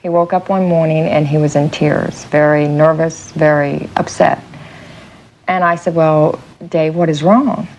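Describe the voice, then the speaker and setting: A woman recounting events in an interview, animated and quoting what was said. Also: deep voice, measured pace, slight background noise, poor audio. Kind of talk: casual interview recollection.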